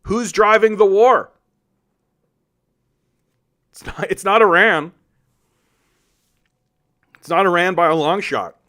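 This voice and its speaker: A man's voice: sits high, slow pace, pauses often, sharp tone. Guy ranting on his own politics stream, sarcastic and swearing, hitting back at chat. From Canada. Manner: combative, sarcastic, profane. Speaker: political commentary host. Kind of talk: heated solo commentary answering chat.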